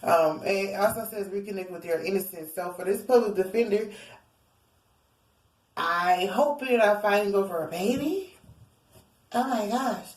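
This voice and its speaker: A woman's voice: medium pitch, a little slow, pauses often. Woman tarot reader, chatty and theatrical, set back from the mic, echoey room. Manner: rambling and theatrical, addresses viewers as y'all. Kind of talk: casual tarot reading to viewers. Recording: roomy echo, distant from mic.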